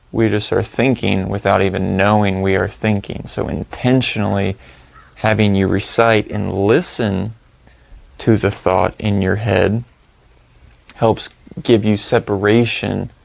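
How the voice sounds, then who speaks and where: Male meditation guide, low and gravelly, slow gentle instruction, dry close sound. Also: no room sound.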